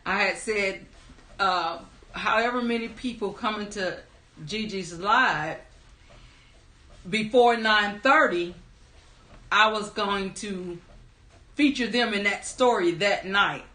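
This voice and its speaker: A woman with a medium-pitched, bright voice hosts a live stream from an echoey room, speaking slowly with long pauses and a forceful tone. She greets viewers by name in an upbeat, chatty way before launching into her story.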